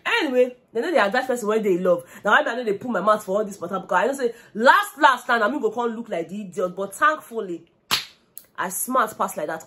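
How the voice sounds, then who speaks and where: A young woman with a Nigerian accent giving gossipy, animated commentary on a reality show, slipping into Pidgin. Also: on the high side, fairly quick. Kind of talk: casual vlog commentary.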